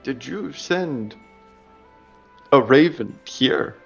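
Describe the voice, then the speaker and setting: A man voicing a courteous, formal male dwarf clan leader in a tabletop game, speaking politely and measured, on a dull lo-fi recording. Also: mid-range voice, animated, creaky, slightly rough, soft background music, full character voice.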